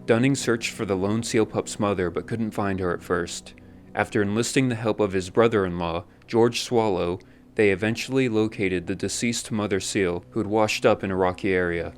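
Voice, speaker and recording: A man narrating a scripted documentary in a measured, even storytelling manner. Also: on the low side, faint music behind.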